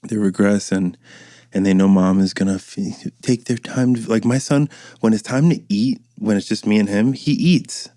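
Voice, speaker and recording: A man's voice: on the low side, moderate pace, dark tone, dry recording, clean studio sound. A man in his thirties, a podcast host, chatting in a casual, rambling and profane way and acting out voices he quotes. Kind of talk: casual chat.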